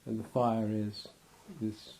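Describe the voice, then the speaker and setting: A man's voice: on the low side, flat delivery, slow pace, dark tone, a little hiss or hum. A man giving a loose, rambling interview, restarting his sentences and acting out little scenes with laughter.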